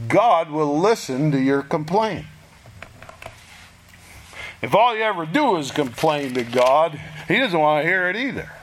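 A man preaching a sermon in a slow, deliberate way, pausing for effect and acting out prayers in a pleading voice. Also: fairly high pitch. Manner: slow, deliberate delivery with dramatic pauses; acts out prayers in a raised, pleading voice.

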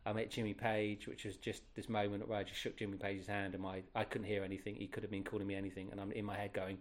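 Middle-aged guest, lower voice, chatty anecdotal delivery, lots of ums. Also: male voice, fast talker. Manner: lively, animated retelling with many fillers. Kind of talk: casual anecdotal storytelling.

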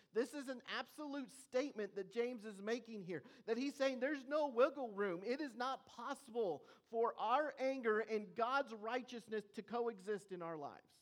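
A preacher delivering a sermon in an earnest, emphatic manner, slowing down and pausing on key words. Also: medium pitch, a bit bright. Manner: earnest, emphatic, with slow weighty pauses.

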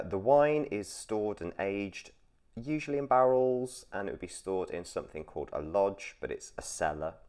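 Very low-voiced chatty male podcast host. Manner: chatty, laughs often, explains at length. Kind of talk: casual trivia podcast chat.

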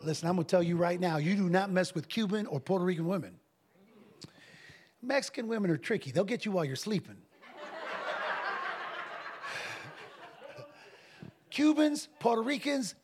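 A man telling a story in a casual, animated way, laughing often and restarting his phrases. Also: high-pitched, a little slow, pauses often, breathy edge. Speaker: guest minister telling a story.

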